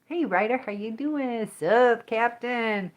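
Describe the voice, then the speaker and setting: A woman's voice: a little high, takes it slowly. A woman hosting a casual livestream, chatting and rambling as she reads viewer comments aloud. She teaches and coaches people on starting businesses. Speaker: livestream host.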